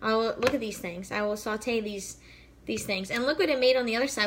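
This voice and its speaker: A woman in her thirties, a fitness vlogger, chats casually and bubbly while cooking live in her home kitchen, with lots of fillers. Her voice is fairly high-pitched and brisk.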